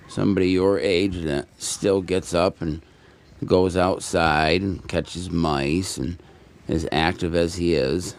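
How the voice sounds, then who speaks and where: Man, very low voice, gravelly, casual live-stream chat, fond toward his pet. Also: steady tone, takes it slowly. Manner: talks fondly to his cat between chat. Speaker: livestreamer.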